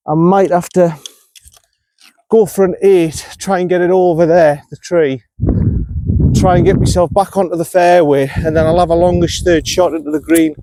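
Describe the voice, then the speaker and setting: A man from North East England vlogs his golf round outdoors in a high-pitched, warm voice, recorded dry. In his on-course commentary he talks himself through each shot, frustrated and self-critical, getting annoyed at his own play.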